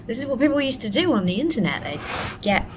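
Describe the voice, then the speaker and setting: A tired woman vlogging casually from a hotel room into a laptop webcam, rambling and soft-spoken, sometimes drifting into whispers. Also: sing-song, fast talker. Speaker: vlogger and actor. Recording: noisy low-quality webcam audio.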